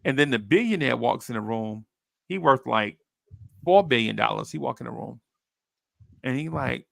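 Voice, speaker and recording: A man on a podcast, casually telling a story in animated, slangy talk and acting out what others said. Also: medium pitch, normal speed, vocal fry, long pauses, no echo, clean studio sound. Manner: animated, slangy storyteller who acts out quoted voices. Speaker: podcast host.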